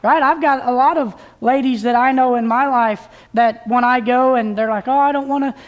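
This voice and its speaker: A woman's voice: a little high, steady tone, normal speed, dull audio. A woman preaching a conversational sermon at a church service, plain-spoken and folksy, often restarting her sentences.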